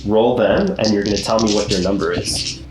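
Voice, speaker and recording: A man's voice: fairly low pitch, a little fast, a little mellow, slight background noise. A man narrating as game master of a tabletop game, easygoing, laughing often and explaining the rules patiently. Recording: echoey room with faint music.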